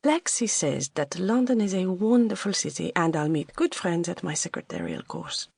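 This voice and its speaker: Audiobook: woman voicing an earnest, proud young woman, faint French accent, lifted brighter pitch. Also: very animated, normal speed, vocal fry, breathy edge, no room sound, studio quality, exaggerated voice. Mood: cheerful.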